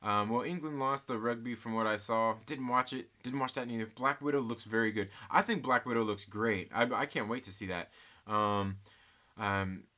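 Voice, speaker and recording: A man hosting a casual live movie chat stream, reading viewer comments aloud and thinking out loud with frequent restarts. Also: medium pitch, normal speed.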